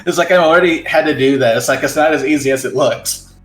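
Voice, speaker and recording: A man casually chatting while reading a visual novel, with quick animated banter. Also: fairly high pitch, echoey room, faint music behind, low-quality recording. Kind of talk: casual chat.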